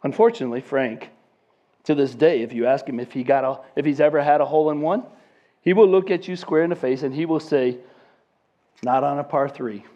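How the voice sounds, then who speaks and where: A man's voice: a little high, quick pace, warm tone, highs cut off. A man in his fifties telling a long story in a sermon and acting out the people in it.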